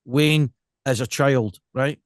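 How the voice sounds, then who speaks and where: A Scottish man co-hosting a podcast, chatting casually in an animated, joking way and telling stories. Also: medium pitch, takes it slowly, no echo, studio quality. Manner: animated and jokey, tells stories with quoted asides. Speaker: podcast co-host.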